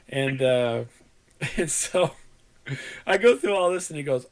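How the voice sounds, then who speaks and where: A man hosting a podcast, his voice rough and hoarse from a cold, telling a rambling anecdote in casual chat and laughing at his own story. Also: medium pitch, moderate pace. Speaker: podcast host.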